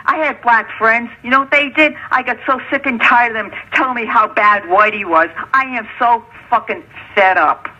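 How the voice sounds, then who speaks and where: A middle-aged woman rants into a voicemail, furious and profane, circling back to the same complaints. Her voice is sharp and strained with a husky edge. It comes through a muffled, lo-fi phone recording. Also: a little high, moderate pace, hardly any pauses. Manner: furious, profane, repetitive ranting. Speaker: caller leaving a voicemail. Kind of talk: angry voicemail rant. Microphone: telephone.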